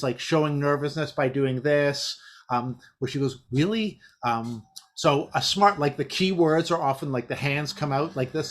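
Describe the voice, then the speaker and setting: A man giving a casual teacher-training talk, rambling with lots of fillers and restarts. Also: on the high side. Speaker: teacher trainer presenting a session.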